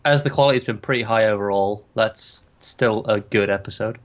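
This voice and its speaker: A man's voice: fairly low pitch, normal speed, lo-fi sound. Dry-witted man co-hosting. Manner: dry, teasing banter. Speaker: podcast co-host. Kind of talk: casual chat.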